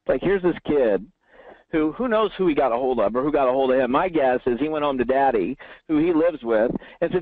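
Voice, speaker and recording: Fast-talking man on a tinny phone line. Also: a little high, no room sound. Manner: animated, acts out quoted voices. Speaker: network marketing trainer, guest. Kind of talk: storytelling interview answer.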